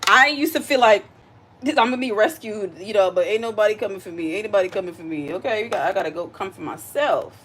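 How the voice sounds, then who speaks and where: A woman's voice: medium pitch, expressive, quick pace, fairly bright tone, slight background noise. Chatty woman live-streaming from her kitchen. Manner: chatty, talks straight to viewers and reads out chat comments; earnest and heartfelt, repeats her points for emphasis. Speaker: livestream host. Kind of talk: casual live-stream chat while cooking. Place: home kitchen.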